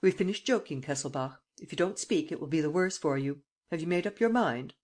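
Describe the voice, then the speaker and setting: A woman reading an audiobook, voicing a suave, teasing male gentleman thief who gives brisk commands. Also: low-pitched, lively intonation. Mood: stern.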